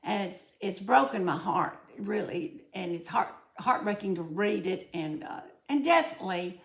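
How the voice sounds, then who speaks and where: Woman, Southern accent, folksy casual chat, gravelly, roomy echo. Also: mid-range voice, lively intonation, moderate pace. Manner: folksy, heartfelt, often says y'all. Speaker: host of a home budgeting channel.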